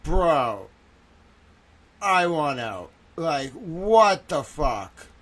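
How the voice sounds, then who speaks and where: A man hosting a live reaction stream, swearing freely and swinging between low mutters and loud exclamations. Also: very animated, extremely slow.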